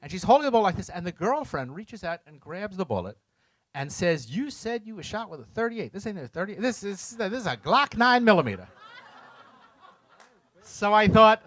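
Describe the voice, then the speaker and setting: A middle-aged man telling a story to a room of listeners, his voice high and swinging widely up and down. He jokes about himself and acts out the voices and sound effects of his tale. The sound is dry and close. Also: very animated, moderate pace, a bit bright, no room sound. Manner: self-mocking, jokes with the audience. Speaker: speaker telling a story to an audience. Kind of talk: lively storytelling talk to a live audience.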